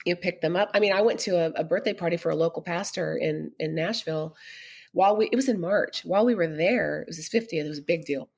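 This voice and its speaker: A woman's voice: fairly low pitch, fast talker, vocal fry, darkish tone, breathy edge. A middle-aged woman, a podcast guest, telling personal stories candidly and animatedly, laughing often as she talks. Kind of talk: candid conversational storytelling.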